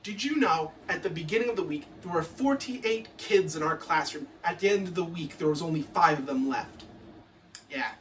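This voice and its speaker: A woman's voice: fairly low pitch, animated, normal speed, distant mic, a little hiss or hum. A woman performing a comic recital of poems in a mock-stern, theatrical teacher's tone.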